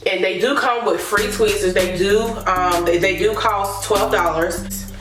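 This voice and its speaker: A young woman excitedly unboxing and showing her own lash brand in a casual, rambling vlog. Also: mid-range voice, a little slow. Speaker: vlogger launching a lash brand. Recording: roomy and distant with music behind.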